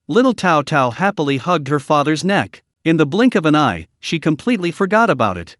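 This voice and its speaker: A man giving expressive scripted narration as he recaps a story. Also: fairly high pitch, a little fast, few pauses, no room sound, studio quality.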